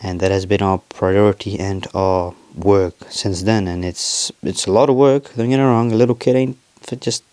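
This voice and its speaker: Low-voiced young man, swearing podcaster. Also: fairly even intonation, darkish tone, clean tone, dry recording. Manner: rambling, heavy swearing, halting restarts; confessional, emotional. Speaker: podcast host. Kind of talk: casual personal monologue.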